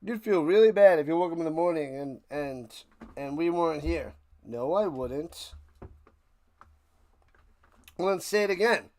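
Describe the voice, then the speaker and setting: A man's voice: on the high side, normal speed, warm tone. A man hosting a live game watch party stream, calling plays and ranting sarcastically to his chat. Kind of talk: live play-by-play and casual rant.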